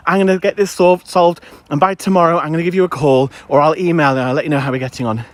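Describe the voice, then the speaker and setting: A man's voice: a little high, steady tone, fast, voice pushed up, lightly acted. A man imitating a female call centre worker who soothes and promises to fix everything. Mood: reassuring.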